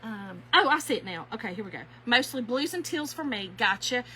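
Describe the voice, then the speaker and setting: A woman's voice: fairly high pitch, lively intonation, a little fast, a little hiss or hum, rough recording. A woman with a Kentucky accent, hosting a chatty craft live stream, greeting viewers by name and laughing easily. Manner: folksy, warm-hearted chatter, often says y'all, laughs easily. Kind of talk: chatty craft tutorial, reading viewer comments.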